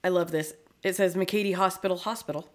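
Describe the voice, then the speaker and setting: A woman's voice: lowish voice, fairly even intonation. A woman in casual chat with a friend, talking bluntly and cursing often. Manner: blunt, profane, quick asides.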